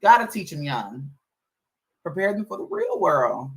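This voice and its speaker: A woman's voice: lowish voice, huge pitch swings, unhurried, poor audio. A woman streaming live as a mother, venting casually about her kids and chores. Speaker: livestreamer mother. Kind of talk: casual livestream chat.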